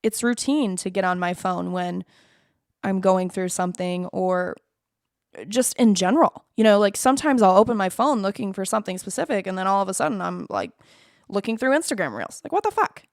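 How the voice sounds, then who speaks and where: Young woman in her twenties, candid vlog monologue, blunt and self-deprecating, curses often, mid-pitched voice, dry close sound. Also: lively intonation, fairly quick, dry recording. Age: 20s. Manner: frank, swears freely, self-deprecating. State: choked up at times. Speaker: vlogger.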